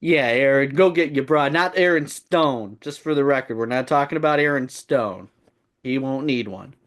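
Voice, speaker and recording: A man's voice: mid-range voice, moderate pace, a bit bright. A man joining a comedic podcast, boastful and playful. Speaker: podcast regular.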